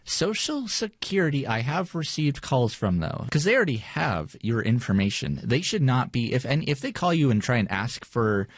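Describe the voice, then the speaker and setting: A man's voice: medium pitch, big pitch swings, normal speed, hardly any pauses, no echo, clean studio sound. A man co-hosting a podcast in casual chat, rambling with many fillers and restarts. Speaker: podcast co-host.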